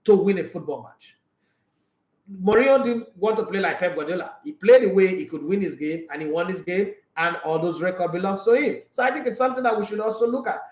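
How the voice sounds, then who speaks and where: Brief: high-pitched Nigerian male sports host, outspoken and emphatic, echoey room. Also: fairly quick. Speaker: sports talk show host. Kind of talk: casual sports commentary, reading viewer comments.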